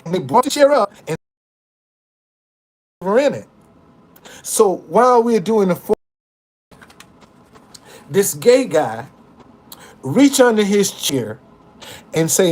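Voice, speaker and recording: An older man with a somewhat high voice tells a story from his past in a loose, casual way. He swears freely and gets animated. He stumbles into restarts and repeats words as he goes. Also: slow, long pauses.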